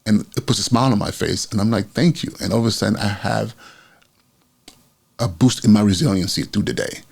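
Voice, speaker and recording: Man, middle-aged, principal-host type: low gravelly voice, a bit husky, loose and conversational with lots of ums. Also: brisk, darkish tone. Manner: conversational, many fillers and restarts. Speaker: school principal and podcast host. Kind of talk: casual solo podcast talk.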